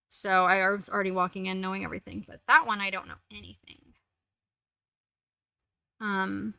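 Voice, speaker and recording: Bright-voiced woman in a rambling livestream chat. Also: mid-range voice, no echo. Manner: rambling, filler-heavy talk. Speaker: host.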